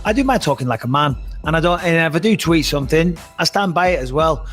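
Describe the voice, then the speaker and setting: A man's voice: a little high, lively intonation, fast, a bit bright, faint music behind. A man hosting a casual podcast chat, talking bluntly and emphatically and swearing freely. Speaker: podcast host.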